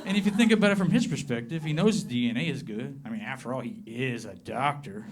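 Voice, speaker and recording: A man from southern Appalachia with a Southern American accent, performing a stand-up comedy set and slowing his punchlines down to a deadpan. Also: medium pitch, noisy background. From southern Appalachia, USA. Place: comedy club with live audience.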